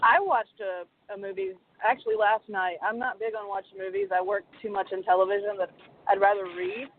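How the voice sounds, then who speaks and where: A woman in her thirties, a podcast co-host, telling an animated, self-deprecating story in casual chat. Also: mid-range voice, fairly quick. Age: 30s. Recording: tinny phone line with faint hiss.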